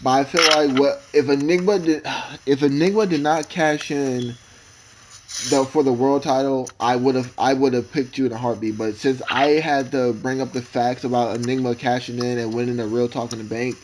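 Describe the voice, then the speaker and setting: Halting, emotional man on a podcast. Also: medium pitch, steady tone, a little hiss or hum, low-quality recording. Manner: rambling, emotional, halting restarts. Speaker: podcast co-host. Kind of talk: casual podcast chat.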